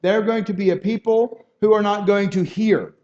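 A man's voice: sits high, steady tone, moderate pace, dark tone, lo-fi sound. A man preaching a sermon, earnest and building in intensity, often repeating words and restarting phrases as he goes.

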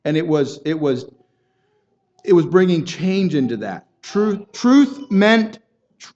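Man, preacher, sermon, earnest, rhetorical questions, repeats phrases, slightly high voice, muffled lo-fi recording. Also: big pitch swings, slow pace, a little mellow. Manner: repeats words and restarts phrases.

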